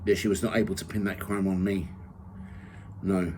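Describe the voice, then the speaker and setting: A man reading from his own memoir in the first person, measured and steady. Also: low-pitched, slight background noise, low-quality recording. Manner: measured reading, rising loud for quoted shouts.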